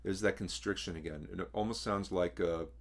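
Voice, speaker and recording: With a gravelly baritone, a man teaches singers to imitate a rock vocalist, chatting casually in a throaty way that swallows his words. He holds a steady tone and talks fairly quickly.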